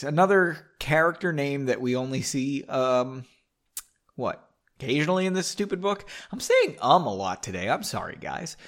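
A man's voice: medium pitch, big pitch swings, normal speed. A man hosting a podcast, reading a book aloud at home with sarcastic asides. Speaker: podcast host.

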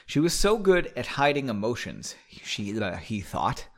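A man's voice: mid-range voice, sing-song, a little slow. A man reading a story aloud casually, breaking off into playful, self-mocking asides. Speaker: story reader.

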